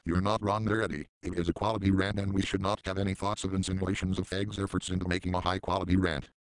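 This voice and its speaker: A commentary channel host with a very low, smooth, resonant voice delivers fast, mocking commentary, deadpan, sarcastic and profane. He's recorded close and dry with no echo.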